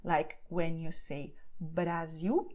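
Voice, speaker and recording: A woman teaching a beginner's pronunciation lesson, explaining patiently and clearly and often checking in with "okay?". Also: medium pitch, animated, a little slow, a little mellow. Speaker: language teacher.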